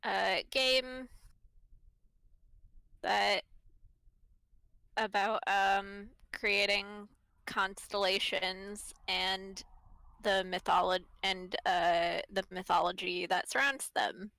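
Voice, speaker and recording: Slow, halting woman with bright gravelly voice. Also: medium pitch, fairly even intonation, no room sound. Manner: slow and halting, with fillers and casual swearing. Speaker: co-player and fellow streamer. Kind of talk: casual chat on a live stream. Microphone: home mic over an online call.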